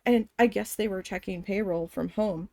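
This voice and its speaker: A woman's voice: medium pitch, moderate pace, vocal fry, a little mellow, dry recording. A woman chatting casually while she embroiders, telling a long story in a rambling, profane way with lots of fillers. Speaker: craft vlogger.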